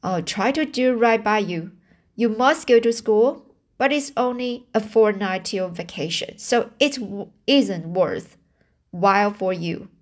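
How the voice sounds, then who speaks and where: A woman reading aloud and voicing a stern, plain-spoken older woman in a firm, measured tone close to her own voice. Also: mid-range voice, natural voice. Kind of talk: amateur audiobook reading.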